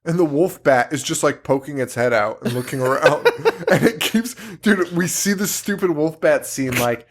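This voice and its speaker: A man's voice: on the high side, moderate pace, few pauses. A man co-hosting a horror movie podcast, chatting casually with lots of swearing and laughter. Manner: animated, profane, laughs a lot. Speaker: podcast co-host. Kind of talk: casual movie-review chat.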